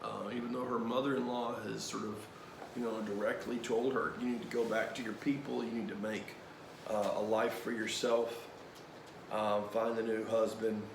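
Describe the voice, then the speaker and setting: Male Bible study leader, drowsy, gravelly, reads scripture with commentary, echoey room. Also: fairly low pitch, flat delivery, background noise. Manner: measured reading broken by "uh" fillers. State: drowsy, yawning. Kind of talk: reading scripture aloud with commentary.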